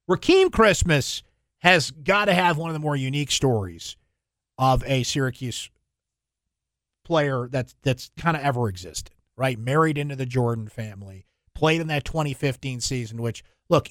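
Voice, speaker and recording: A man hosting a sports talk radio show, opinionated and conversational with quick asides. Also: mid-range voice, dry recording, clean studio sound. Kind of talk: casual sports talk commentary.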